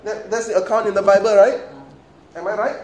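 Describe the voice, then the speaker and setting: Man preacher, higher voice, acts out scenes with laughs, heard from afar in a roomy, noisy hall. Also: fairly quick. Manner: animated, dramatic, acts out scenes, laughs often. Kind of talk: sermon. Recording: echoey hall, distant mic, ambient noise.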